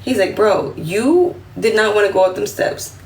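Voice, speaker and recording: A woman in her twenties with a New York accent, telling a story on a phone livestream in a lively, slangy way and acting out the other voices. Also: mid-range voice, normal speed. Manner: animated, slangy, acts out quotes in a raised voice. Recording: roomy, slightly distant phone audio with faint room noise.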